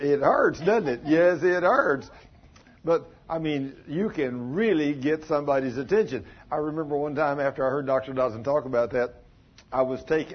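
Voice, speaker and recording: A man preaches a folksy sermon in plain-spoken style, filled with stories and questions aimed at the congregation. His voice is medium-pitched and husky, and the recording's highs are cut off.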